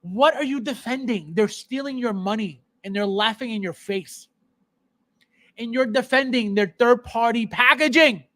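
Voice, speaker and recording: A man's voice: very high voice, normal speed, a bit bright, dry recording. A man hosting a collector's live show, ranting heatedly and sarcastically at viewers, repeating himself in exasperation. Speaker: podcast host. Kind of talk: live stream chat with viewers.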